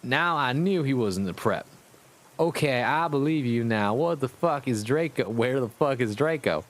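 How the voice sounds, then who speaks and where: A man playing a surly gothic teen girl, Southern belle, put-on American Southern accent, slow drawn-out drawl, comic fan-fiction reading. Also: medium pitch, expressive, lightly acted. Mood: snippy. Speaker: streamer.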